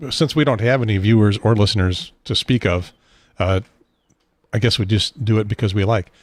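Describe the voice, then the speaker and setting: A man hosting a casual podcast chat who talks haltingly and often restarts. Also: on the low side, no echo. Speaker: podcast host.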